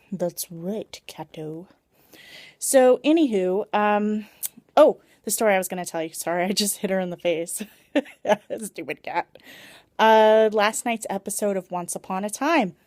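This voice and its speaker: A woman who lives in Seattle, chatting in a casual vlog recorded on a phone at home, animated, laughing often and acting out her own reactions. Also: mid-range voice, no echo, clean studio sound. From Seattle area. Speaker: vlogger. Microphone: phone camera.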